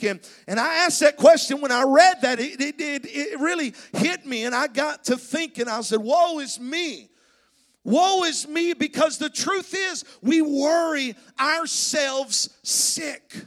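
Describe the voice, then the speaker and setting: In a church sanctuary, a pastor with a strikingly high voice preaches to his congregation. His sermon is emphatic, climbing into shouts and a sing-song cadence, and he often stammers and restarts his phrases.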